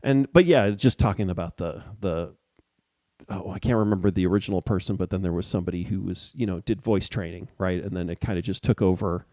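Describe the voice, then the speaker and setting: Low, mellow-voiced man chatting loosely. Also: a little fast, dry recording. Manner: rambling, searching for words, many restarts. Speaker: podcast co-host. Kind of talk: casual chat.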